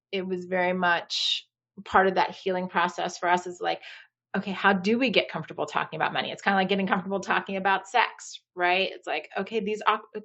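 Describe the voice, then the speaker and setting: A woman in her forties speaks openly as a podcast guest, sharing family memories in a chatty way full of "you know" and "like". Her voice sits at a middle pitch and comes through slightly dull, lo-fi audio. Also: a bit bright. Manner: candid, uses many fillers like "you know". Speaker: guest, marriage coach. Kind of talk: podcast interview storytelling.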